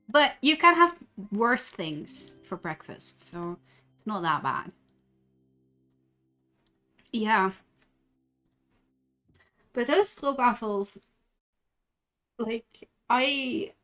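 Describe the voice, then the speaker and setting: A woman's voice: on the high side, pushed and bright. A woman with a Dutch accent, a streamer telling stories in casual chat, rambling with many restarts. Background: faint background music.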